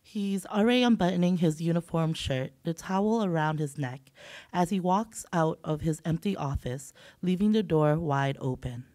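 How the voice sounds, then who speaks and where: A woman's voice: on the low side, lively intonation, normal speed, dark tone, dry recording. A woman, a novelist, reading from her work in progress at an event while she has a cold, hesitant when she talks off the page. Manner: hesitant, filler-laden when speaking off the page. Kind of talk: literary reading aloud. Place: event hall.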